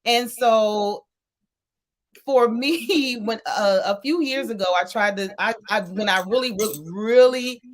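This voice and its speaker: A woman's voice: on the high side, unhurried. A woman co-hosting a radio music show, chatting casually and playfully, laughing often and enthusiastic about the music.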